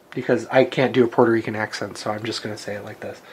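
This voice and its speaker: A man's voice: mid-range voice, brisk, few pauses, slightly rough. A man co-hosting a wrestling podcast in casual chat, swearing freely and laughing often. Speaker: podcast co-host.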